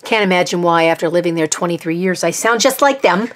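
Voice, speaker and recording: A woman's voice: on the low side, fast, slight background noise. A woman from Texas with a Norfolk, Virginia accent, chatting casually and rambling a little as she paints on her art vlog. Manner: rambling, chatty, self-deprecating. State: tired. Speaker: art vlogger. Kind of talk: casual chat while painting.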